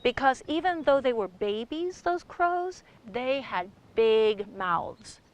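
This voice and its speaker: A woman storyteller telling a tale in a playful, animated way, with sound effects. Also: fairly high pitch, takes it slowly, rough recording. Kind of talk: oral storytelling performance.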